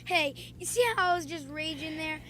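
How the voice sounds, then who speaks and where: High bright chatty woman vlogger. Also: fairly even intonation, a little fast. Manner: chatty, playful, with frequent "um"s. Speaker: video creator. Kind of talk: casual vlog storytelling.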